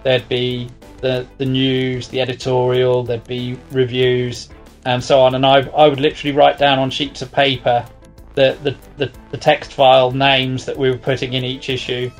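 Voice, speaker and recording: Man with a flat, level voice. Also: medium pitch, moderate pace, soft background music. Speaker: guest, magazine co-editor. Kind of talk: casual reminiscing.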